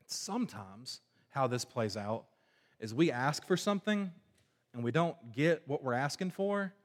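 A man preaching a sermon to a congregation, moving between forceful emphasis and hushed, low passages. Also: expressive, unhurried. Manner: dynamic preaching, swinging from loud emphasis to hushed low tones. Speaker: pastor. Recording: long reverb of a large hall.

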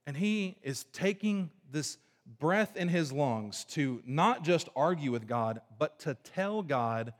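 A man preaching a sermon to a congregation, moving between forceful emphasis and hushed, low passages. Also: expressive, slow pace. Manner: dynamic preaching, swinging from loud emphasis to hushed low tones. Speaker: pastor. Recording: long reverb of a large hall.

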